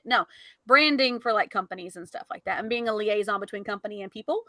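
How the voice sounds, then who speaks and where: A young woman co-hosting a casual podcast, chatty and quick to laugh, swearing offhandedly. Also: mid-range voice, pushed and bright, dry recording. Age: young adult. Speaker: podcast co-host. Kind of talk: casual live podcast chat.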